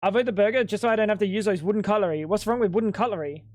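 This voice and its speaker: A man's voice: high-pitched, racing, a little mellow, dry recording, clean studio sound. A young man streaming live at home, bantering with chat in a crude, joking way. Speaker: livestreamer.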